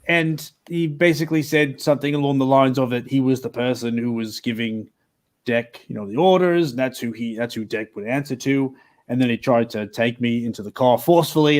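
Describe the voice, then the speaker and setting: A man playing in a tabletop role-playing game, talking casually and animatedly with lots of fillers and rambling asides. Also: mid-range voice. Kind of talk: casual in-character and table chat.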